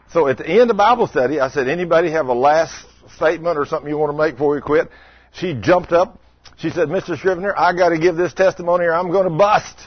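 A man's voice: a little high, quick pace, breathy edge, dry recording. Folksy preacher man. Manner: folksy, conversational, questions to the congregation. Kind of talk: sermon with storytelling. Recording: dull lo-fi sound.

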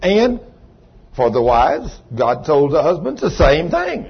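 A husky-voiced preacher, a man pitched a little high, talking to his congregation in a folksy, chatty way. The recording is muffled and lo-fi. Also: big pitch swings, slow. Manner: folksy, calls on congregation members by name. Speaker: pastor. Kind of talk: sermon. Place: church.

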